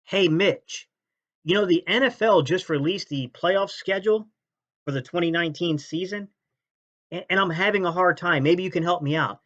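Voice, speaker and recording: A man hosting a sports fan channel, ranting and mocking rival fans' comments, jumping between loud jabs and low sneers. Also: normal speed, dull audio. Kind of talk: fan reaction rant.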